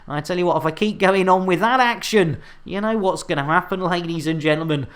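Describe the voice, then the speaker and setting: A man's voice: high voice, a little fast, fairly bright tone. Jokey man streaming a game. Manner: jokey, innuendo-laden, chatty with viewers. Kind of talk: live gameplay commentary.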